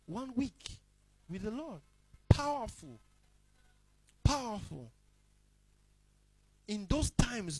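In a sermon, a high-voiced male pastor repeats himself to hammer home his message. His delivery swings from booming declarations to soft, hushed asides, and the audio is close and dry with no echo from the room.

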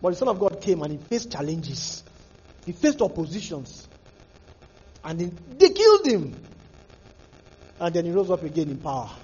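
A man's voice: a little high, big pitch swings, normal speed, long pauses, a little mellow, slightly rough, muffled recording. A male pastor preaching a fervent sermon, repeating himself and restarting phrases.

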